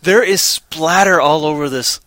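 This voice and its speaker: Guy on a podcast, bright forceful voice, acts out movie bits, dry close mic. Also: a little high, dry recording. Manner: animated, retells scenes with quick acted voices. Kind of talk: casual chat.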